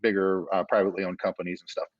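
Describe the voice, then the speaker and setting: A man with a fairly low voice tells a winding story as a podcast guest, full of fillers and restarts. The sound is dry and close, a bit dull and lo-fi. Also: level tone, very fast, dry recording. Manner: rambling, filler-heavy storytelling. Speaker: podcast guest, business owner. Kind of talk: casual storytelling interview.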